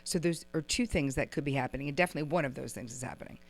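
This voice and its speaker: A middle-aged woman giving a relationship workshop lecture to a live audience, chatty and lively, acting out little quoted exchanges as she explains. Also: extremely low pitch, racing, creaky. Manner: chatty, uses "like" and "right?" often. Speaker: relationship teacher.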